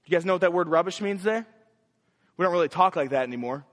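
A young man with a high voice preaches a sermon, pushing his pitch up sharply on each key point. His emphatic delivery rings out through a church hall with a long, trailing reverb. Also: quick pace, a bit bright. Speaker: young adults pastor.

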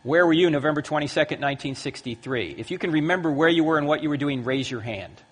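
A man in his fifties giving a lively talk to a live audience in a large hall, acting out the voices in his stories. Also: fairly high pitch, fast talker, husky. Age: 50s. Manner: lively storyteller who acts out quoted voices. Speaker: Christian apologetics speaker. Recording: long hall reverb.

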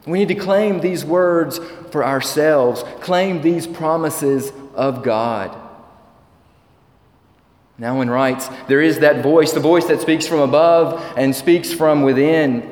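A man preaching a sermon as pastor, measured and slowing down when he quotes scripture. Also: on the high side. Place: church sanctuary. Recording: echoey church hall.

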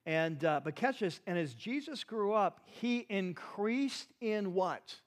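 Male pastor, high-pitched voice, lively sermon delivery with rhetorical questions. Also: slow pace. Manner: animated teaching, rhetorical questions to the audience.

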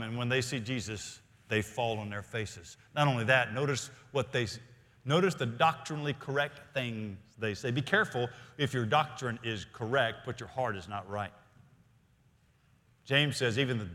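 A male senior pastor preaching a sermon in a church, earnest, often slowing and dropping to quiet emphasis. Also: mid-range voice. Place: church sanctuary. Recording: long reverb of a large hall.

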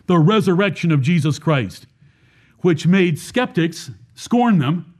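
Baptist preacher guy with a high voice, lots of questions to the crowd. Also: darkish tone. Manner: preaching with rhetorical questions to the congregation. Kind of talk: sermon.

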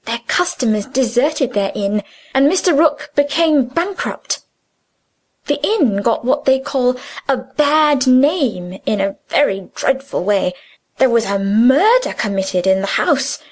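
A woman voicing a simple, placid young schoolgirl who chats gently about gossip from home. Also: a little high, animated, a little slow. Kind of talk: audiobook character reading.

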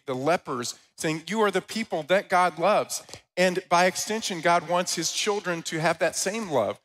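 A man preaching a Sunday sermon as the church's pastor. He tells stories in a lively way and reads scripture aloud. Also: fairly high pitch, rough recording. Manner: animated storytelling with loud, rising quoted voices.

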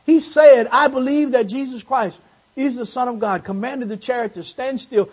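A man preaches a sermon in a high, husky voice, swinging between hushed asides and fervent, rising calls. The recording is dull and muffled, like a church service taped on modest gear. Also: moderate pace. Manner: call-and-response preaching, rising to fervent peaks; repeats phrases for emphasis.

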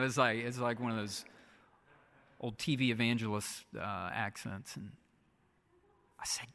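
A pastor preaching a sermon, repeating phrases and often dropping to a soft, hushed delivery. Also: male voice, mid-range voice, moderate pace, pauses often. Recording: long reverb of a large hall.

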